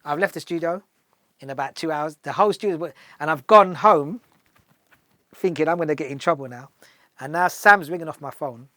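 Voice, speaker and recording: Fast-talking man telling stories. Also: fairly high pitch, dry recording. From London. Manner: animated, acts out dialogue in the stories. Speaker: guest musician. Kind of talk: casual storytelling interview.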